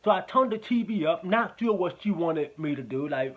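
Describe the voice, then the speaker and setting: A man with a fairly high voice talks through a movie review in a loose, rambling way, swearing often and circling back over the same points. The sound is thin and narrow, close to a phone line. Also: lively intonation, normal speed. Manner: rambling, profane, repeats himself. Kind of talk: casual spoken movie review.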